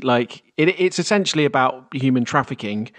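A man's voice: mid-range voice, lively intonation, fairly quick, a bit bright. Man explaining a film plot. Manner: explains plot at length, hedging. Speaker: podcast co-host. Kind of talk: casual film discussion.

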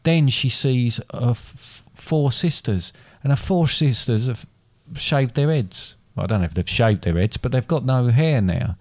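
A man's voice: medium pitch, animated, a little slow, few pauses, darkish tone, no echo. A man casually retelling a fairy tale in a chat, rambling and correcting himself as he goes. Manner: rambling, self-correcting storyteller.

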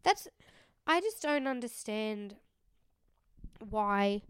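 A woman's voice: medium pitch, animated, extremely slow, a bit bright, clean tone, no room sound, clean studio sound. A woman co-hosting a podcast, joking bluntly and sarcastically in casual chat. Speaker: podcast co-host. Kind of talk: casual chat recapping a reality show.

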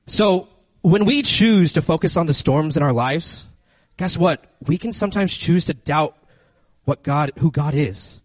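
A man preaching a lively, conversational sermon into a handheld microphone, speaking directly to his listeners. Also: a little high, a little slow, dry recording, poor audio. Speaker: youth preacher. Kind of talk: lively sermon with acted-out scenes.

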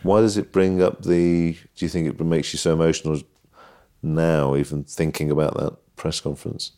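Brief: male reporter, very low voice, dry close recording, deliberate. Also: flat delivery, warm tone, smooth, no room sound. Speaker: reporter and interviewer. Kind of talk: interviewing and eyewitness account.

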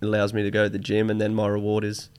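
A young man with a fairly low voice, a guest on a podcast in relaxed casual chat. He talks in an easygoing way, often with short agreeing replies. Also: fast talker, smooth. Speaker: guest, personal trainer.

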